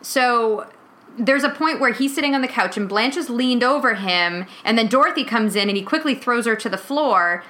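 Bright-voiced woman retelling a sitcom. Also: on the high side, moderate pace. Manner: animated storyteller acting out characters' lines. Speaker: podcast host. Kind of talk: casual chat recapping a TV episode.

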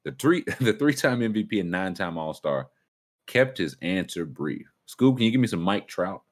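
A man's voice: deep voice, big pitch swings, normal speed. A man hosting a casual sports chat, joking and mock-incredulous. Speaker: show host.

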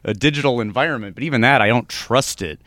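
A man's voice: medium pitch, quick pace, fairly bright tone, no room sound, studio quality. A man hosting a podcast, making wry, joking asides in casual chat. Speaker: podcast host.

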